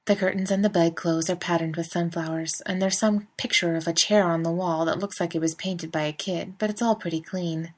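A woman's voice: on the low side, steady tone, a little fast, hardly any pauses. A woman narrating a fan fiction story in a wry, conversational way. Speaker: reader. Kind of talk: fan fiction audiobook reading.

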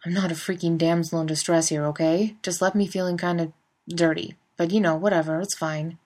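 A woman voicing a brash, wisecracking young man who talks loud and offhand. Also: fairly low pitch, fairly even intonation, fairly quick, natural voice.

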